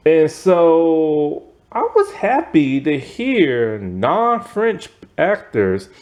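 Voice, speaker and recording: Animated, unhurried man rambling through a review. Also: on the high side. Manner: rambling and animated, heavy on fillers, laughs often. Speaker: TV series reviewer. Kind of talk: casual spoken video review.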